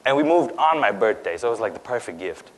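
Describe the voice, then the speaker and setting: A man's voice: fairly low pitch, big pitch swings, fast, poor audio. A young man from India who grew up in Dubai, giving a personal talk on stage in a conversational way, with frequent fillers and "right?" asides. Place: lecture stage.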